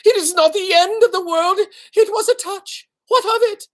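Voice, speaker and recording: Man doing a shrill, frantic mother mouse. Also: normal speed, fairly bright tone. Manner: shrill, shrieking exclamations.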